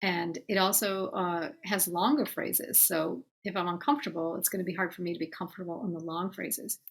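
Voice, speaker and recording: A woman voice teacher gives a singing lesson, explaining patiently and addressing her students directly, breaking off to sing short demonstrations. Her voice is on the low side, with a steady tone and brisk pace.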